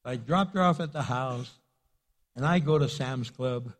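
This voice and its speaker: A male pastor preaching a sermon, telling a lively personal story and acting out the people in it. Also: medium pitch, measured pace. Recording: echoey hall reverb.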